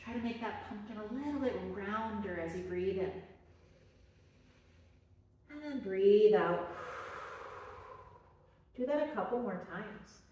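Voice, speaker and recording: A woman teaching a children's yoga class, giving gentle, encouraging and playful instructions. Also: mid-range voice, fairly quick, few pauses. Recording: very echoey room, voice from a distance, faint noise.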